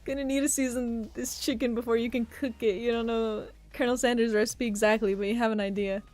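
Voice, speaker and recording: A woman streams a dating sim, reading its text aloud playfully, laughing often and voicing the characters. Her voice is a little high, a little mellow and steady in tone, and she speaks a little fast. Faint music plays behind her.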